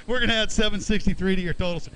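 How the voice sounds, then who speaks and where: At an outdoor fishing weigh-in, a high-pitched, slightly bright-voiced man emcees live, announcing weights and bantering upbeat and chummy with each angler, calling them "bud." The recording quality is low.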